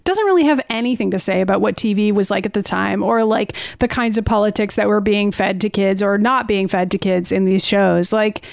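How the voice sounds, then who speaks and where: Chatty woman with a smooth, dry voice. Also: mid-range voice, no echo. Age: 30s. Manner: chatty, acts out characters' lines in quick put-on voices. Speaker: podcast co-host. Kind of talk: casual chat recapping a cartoon.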